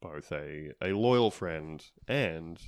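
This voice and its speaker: A man's voice: extremely low pitch, animated, drawn-out words, smooth. A man co-hosting a comedy podcast, casually recapping a TV episode with rambling jokes and lots of fillers.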